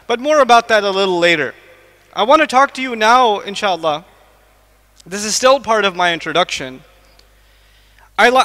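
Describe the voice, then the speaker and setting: A man from the United States, probably middle-aged, giving an animated religious lecture to a live audience, asking it questions and quickly reciting Arabic verses. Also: high-pitched. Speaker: Islamic lecturer. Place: large lecture hall. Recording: long hall reverb.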